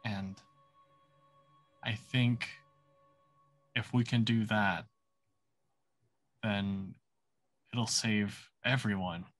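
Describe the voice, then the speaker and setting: A man voicing an earnest young male hero who speaks haltingly. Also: fairly low pitch, fairly even intonation, faint music behind, voice pushed down. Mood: hesitant.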